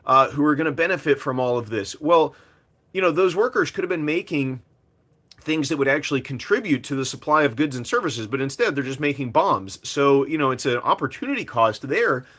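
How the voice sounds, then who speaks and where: A man's voice: fairly high pitch, expressive, brisk, fairly bright tone. Chatty man hosting a commentary video. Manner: conversational, with frequent fillers. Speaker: host. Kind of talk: casual commentary monologue.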